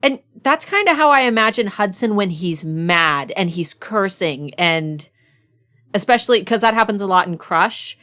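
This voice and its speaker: A woman's voice: mid-range voice, animated, moderate pace, fairly bright tone. An American woman co-hosting a podcast in casual chat, giggly, enthusiastic and teasing. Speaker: podcast co-host.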